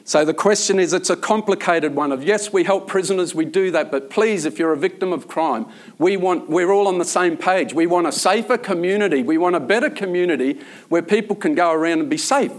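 A man's voice: high-pitched, a little fast. A man speaking as a prison chaplain in an informal faith talk, telling stories earnestly and rambling with many fillers.

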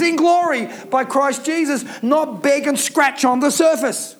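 A man preaches to his congregation with fervent, emphatic repetition. His voice sits remarkably high for a man. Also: a little slow, hardly any pauses. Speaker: pastor. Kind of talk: sermon.

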